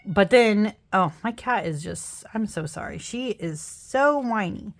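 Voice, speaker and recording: A young woman talks casually over her card decks, tired after a workday. She rambles and apologizes often, and her voice sits at an ordinary middle pitch. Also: animated, measured pace, vocal fry. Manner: chatty, apologetic, rambling with frequent laughs. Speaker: tarot deck reviewer. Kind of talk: casual deck flip-through.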